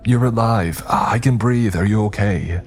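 A man voicing a frightened, injured male diver who shouts in panic while trapped underwater. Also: low-pitched, a little slow, faint music behind. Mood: panicked.

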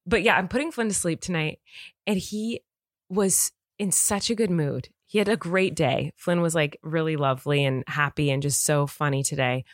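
A woman's voice: low voice, normal speed, dry recording, clean studio sound. A woman co-hosting a casual podcast, telling stories in a chatty way with lots of fillers. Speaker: podcast co-host. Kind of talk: casual chat.

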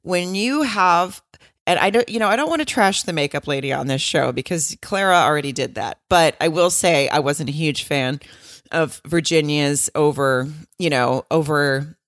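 A woman with a low voice chats candidly on a podcast, cursing casually and acting out quotes. The sound is close and dry. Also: expressive, moderate pace, dry recording. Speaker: podcast co-host. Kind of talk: casual chat recapping a reality show.

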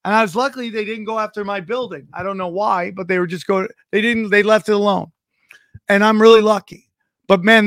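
A man's voice: sits high, no echo, clean studio sound. A man ranting profanely in casual podcast chat, stumbling and restarting his sentences.

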